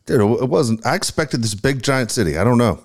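A man's voice: mid-range voice, expressive, a little fast. A middle-aged man co-hosting a casual talk show, blunt and matter-of-fact about sports and travel. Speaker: podcast co-host. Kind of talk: casual chat.

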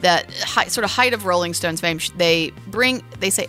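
A chatty woman co-hosting a podcast, with a bright, forceful voice and a low-pitched tone. She tells stories casually, trailing off and restarting mid-thought, and soft music plays faintly behind her. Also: moderate pace. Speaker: podcast co-host. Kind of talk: casual chat.

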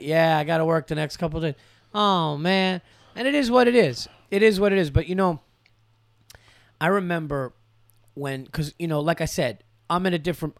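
Profane, animated comedian host. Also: male voice, a little high, dry recording, studio quality. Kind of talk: casual chat.

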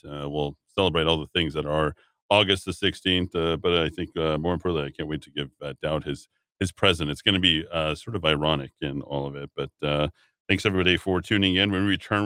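A man's voice: extremely low pitch, pushed and bright, no room sound. A man co-hosting a radio talk show, chatting casually and wrapping up the segment in a studio. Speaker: radio co-host. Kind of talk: casual chat and show wrap-up.

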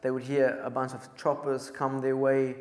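A man's voice: mid-range voice, monotone, normal speed, darkish tone. A man preaching a sermon in a church, telling a story with urgency and repeated phrases. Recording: echoey church hall.

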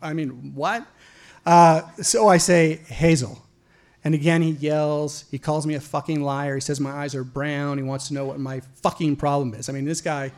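A man from Idaho telling a personal story to an audience, animated and profane, often stumbling into repeated words. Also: fairly high pitch, moderate pace, hardly any pauses. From Idaho, USA.

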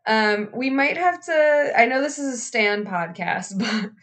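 A woman's voice: on the high side, expressive, measured pace, a bit bright. A woman co-hosting a film podcast in casual chat, chatty and laughing often. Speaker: podcast co-host.

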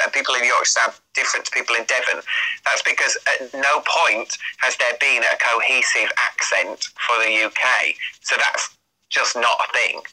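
A man talks as a guest in a casual interview, his voice very bright and forward. He rambles, circling back with fillers and restarts. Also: mid-range voice, poor audio. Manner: chatty, rambling with many fillers.

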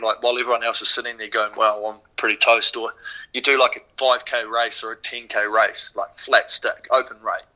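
A man with a New Zealand accent, a podcast guest and former rower, telling stories casually in an animated way, swearing freely and using lots of fillers. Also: medium pitch, poor audio. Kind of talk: casual storytelling.

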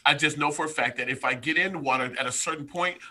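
A man from the United States tells a story as a podcast guest, talking straight to his listeners with lively energy. His voice is bright and forceful, pitched a bit high for a man. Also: fast. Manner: animated storyteller, addresses listeners directly. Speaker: podcast guest, strength coach. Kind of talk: casual chat, storytelling.

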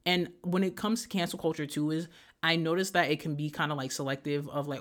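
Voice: medium pitch, steady tone, a little fast, fairly bright tone. A young adult podcast host in a heated, profane solo rant, speaking straight to the listeners. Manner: direct address to listeners.

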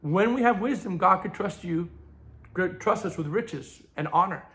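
Bright-voiced man preaching with loud bursts. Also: high voice, lively intonation, normal speed. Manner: emphatic preaching that swings between loud bursts and quiet asides. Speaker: pastor. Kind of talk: sermon.

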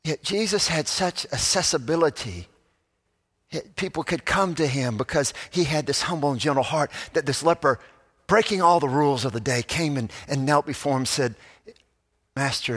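Bright-voiced man preaching in echoing hall. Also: on the high side, moderate pace. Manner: dynamic preaching, swings from loud animated to soft hushed. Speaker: pastor. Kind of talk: sermon.

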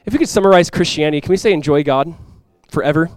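A young male pastor delivers a sermon quickly in a slightly high voice, sounding casual and conversational with many "like" fillers. He drops into quiet, earnest lows and climbs to loud, excited peaks, in a dry recording made close to the mic.

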